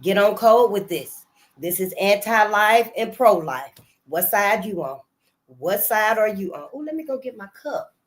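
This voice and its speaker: A woman at a middle pitch, speaking as a channel host in relaxed, unscripted commentary. Her delivery is loose and conversational, with phrases doubled back on and sentences left hanging. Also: unhurried. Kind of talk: casual spoken commentary.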